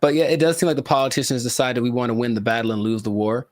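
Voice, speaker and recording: A mid-pitched man from California talking on a podcast in a playful, theatrical way. He repeats his words for effect and slips into mock drama. The sound is dry and close. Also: very fast, dry recording. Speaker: podcast co-host. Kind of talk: casual podcast chat.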